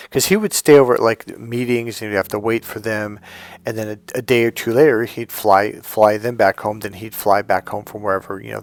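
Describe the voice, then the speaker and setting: A middle-aged man talking as a dating coach in a blunt, profane, emphatic monologue, telling stories and acting out the people in them. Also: medium pitch. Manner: blunt, profane, emphatic, tells anecdotes with quoted voices. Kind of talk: casual monologue.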